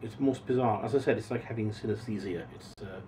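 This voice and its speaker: A male voice actor with a lowish voice talks fast while casually answering interview questions, lingering expressively over single words. He sits a bit distant from the mic, with faint noise in the background.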